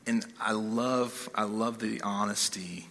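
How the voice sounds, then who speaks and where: A man preaching a sermon in a casual, animated way, often checking in with "okay?", in a church hall. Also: on the low side, slow, vocal fry, a little hiss or hum. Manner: conversational, animated, keeps asking "okay?". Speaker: pastor.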